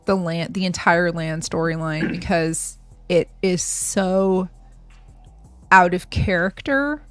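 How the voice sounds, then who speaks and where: A woman's voice: on the low side, slow pace, clear, resonant tone, dry recording, soft background music. A woman co-hosting a casual reaction podcast, giving firm opinions and laughing easily. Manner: opinionated, emphatic, laughs often. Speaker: podcast co-host. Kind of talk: casual group reaction chat.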